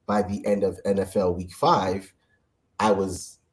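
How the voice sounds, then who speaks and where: A man's voice: deep voice, flat delivery, a little slow. A man co-hosting a casual sports talk show, joking as he pushes the show along over a home mic. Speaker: co-host.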